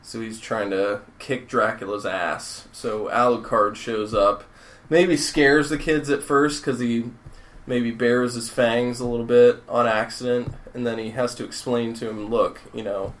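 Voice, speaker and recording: A man's voice: mid-range voice, flat delivery, a little slow. A man co-hosting a podcast, talking in a rambling, enthusiastic way with casual swearing. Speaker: podcast co-host. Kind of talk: casual chat.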